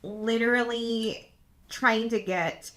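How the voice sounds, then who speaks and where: A middle-aged woman with a Californian accent, co-hosting a casual podcast chat and telling animated stories about her kids, acting out the quotes in them. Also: slow pace. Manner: animated storyteller, acts out quotes in a high voice and laughs often. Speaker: podcast co-host.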